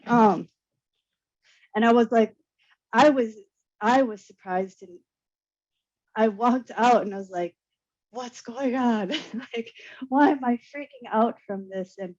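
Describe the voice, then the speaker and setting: A woman, an artist and curator, telling a personal story earnestly and with feeling on a panel. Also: on the low side. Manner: earnest, emotional, animated storytelling with laughs. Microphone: video call. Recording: dull lo-fi video call audio.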